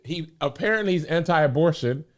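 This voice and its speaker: A man hosting a casual comedy podcast, riffing in an animated, preachy way. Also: a little high, fairly quick. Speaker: host.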